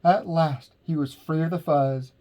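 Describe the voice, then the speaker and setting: A man reading a children's bedtime story aloud in a gentle manner. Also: on the high side, fairly even intonation, unhurried.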